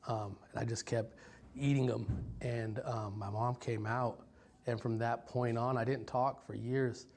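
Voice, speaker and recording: A man in his forties from Stockton, California, recounts his life in an interview. He speaks in a halting, reflective way with frequent ums and restarts, and his mid-range pitch barely rises or falls. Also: fairly even intonation, a little mellow. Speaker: violence prevention worker. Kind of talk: personal story told in an interview.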